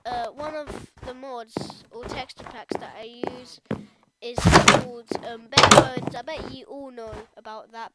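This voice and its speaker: A woman with a British accent chatting casually in a gaming vlog, rambling and correcting herself with lots of ums. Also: on the high side. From United Kingdom. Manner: rambling, hesitant, self-correcting with many ums. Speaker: YouTuber. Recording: loud background noise.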